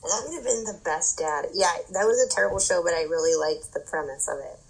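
A woman hosting a podcast chats casually, rambling through a story stuffed with "like" and "um." Her voice is on the low side, fairly quick, creaky and slightly rough, and the audio quality is poor.

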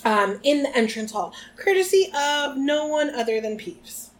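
Chatty higher-voiced woman co-host. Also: measured pace. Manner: chatty, animated, reads passages aloud. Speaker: podcast co-host. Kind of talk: casual chat and reading aloud.

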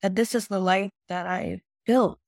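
Woman, confessional recovery talk, mid pitch, dry close mic. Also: fairly even intonation, measured pace, a little mellow, no echo. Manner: open, confessional. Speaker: podcast participant. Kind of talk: candid recovery chat.

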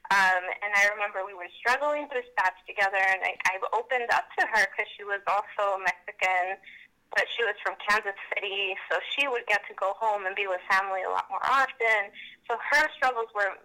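A woman's voice: mid-range voice, a little fast, pushed and bright, rough recording. A young adult woman, a doctoral student, candidly recounting her own experiences in an interview with frequent fillers. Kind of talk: personal storytelling in an interview.

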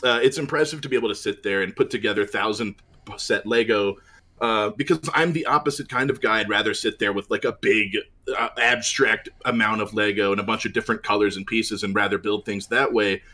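Low-voiced man, earnest and halting. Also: sharp tone. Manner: earnest, complimentary, hesitant with many fillers. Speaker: podcast co-host. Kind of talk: casual chat. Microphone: remote call with dropouts.

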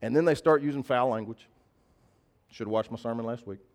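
Animated pastor preaching. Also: male voice, mid-range voice, a little fast. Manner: animated, conversational preaching with emphatic repetition. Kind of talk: sermon with personal storytelling.

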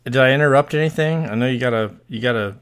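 Male podcast host, easygoing and upbeat, smooth resonant voice. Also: medium pitch, quick pace. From born on an army base in the US. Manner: upbeat, laughs easily. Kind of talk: casual chat.

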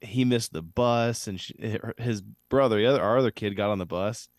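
A man in his thirties, a podcast co-host, telling a casual story with lots of fillers and animated retellings. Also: on the low side, brisk, dry recording, clean studio sound.

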